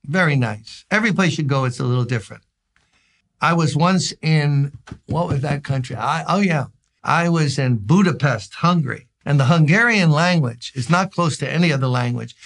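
A male pastor gives a daily devotional, chatty and full of little stories. He leans into points with emphasis and keeps it conversational. His voice sits a bit higher than most men's. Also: gravelly. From Brooklyn, New York. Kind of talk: devotional sermon.

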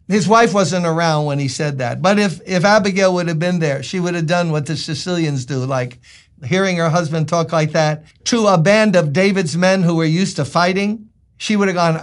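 A man's voice: high voice, moderate pace. A man preaching a sermon as a pastor, telling the story in a conversational, joking way.

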